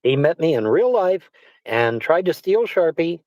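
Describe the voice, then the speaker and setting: A man's voice: on the high side, sing-song, measured pace, darkish tone, no echo, dull audio. Rambling, swearing man in a dry room. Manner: rambling, repeats himself, swears. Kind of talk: casual chat.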